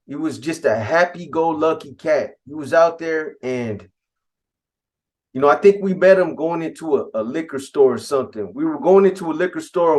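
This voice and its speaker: A man's voice: medium pitch, a little mellow. A man casually telling a first-person story in laid-back street slang, with frequent restarts and asides. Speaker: podcast storyteller.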